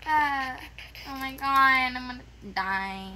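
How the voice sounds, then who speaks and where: A woman's voice: fairly high pitch, normal speed, long pauses, a crowd in the background, rough recording. A woman gamer chatting casually while playing, frustrated and exclaiming, with dramatic complaints. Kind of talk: casual gameplay chat.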